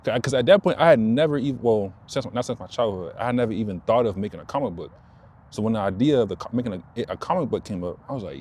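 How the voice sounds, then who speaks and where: A man talks loosely and a little low, circling back and repeating himself as ideas come. He speaks outdoors, with a faint wash of noise behind him. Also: fast talker. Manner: rambling, loose, repeats himself, animated when excited. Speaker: vlogger. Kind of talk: casual talk to camera.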